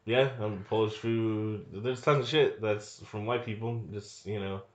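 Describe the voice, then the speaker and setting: A man's voice: on the low side, fairly even intonation, measured pace. A man co-hosting a podcast, riffing on a movie in casual chat, joking and swearing often. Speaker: podcast co-host. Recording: echoey room, dull lo-fi sound.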